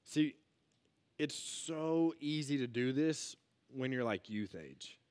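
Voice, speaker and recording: A man giving a casual youth sermon, energetic and full of rhetorical questions, swinging between loud and hushed. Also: mid-range voice, slow, smooth. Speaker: youth pastor.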